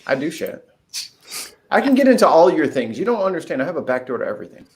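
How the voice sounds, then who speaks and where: A man's voice: fairly high pitch, sing-song, fast, a little mellow. Joking man in a casual group chat. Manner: joking, giggly, playful. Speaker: guest.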